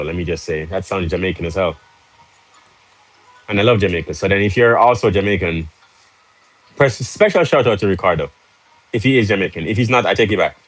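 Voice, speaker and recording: A low-voiced man runs a live stream, captured on a rough recording. His manner is pushy and salesy yet casual: he quickly laughs, banters with the chat, and presses viewers with rhetorical questions.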